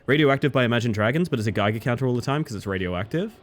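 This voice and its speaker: Male streamer, casual and playful; leaps from giddy highs to quiet mumbles while he plays. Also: rapid-fire. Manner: playful, reads chat aloud and jokes, swings between excited yelps and low mutters. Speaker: live streamer. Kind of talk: casual live-stream chat while gaming.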